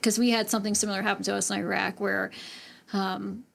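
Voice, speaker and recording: A middle-aged woman with a gravelly edge tells her service stories plainly and bluntly. She swears freely and laughs easily, like a podcast guest speaking casually. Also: mid-range voice, flat delivery, fast talker, fairly bright tone, slight background noise. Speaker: podcast guest, retired military bomb technician. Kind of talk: casual interview storytelling.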